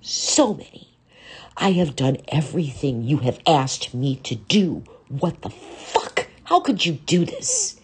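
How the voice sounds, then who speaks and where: Story role: a furious grieving man, read by a woman, slow and husky. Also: deep voice, full character voice. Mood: anguished. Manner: steady and grim, then yelling. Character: grieving, enraged middle-aged man with a knife.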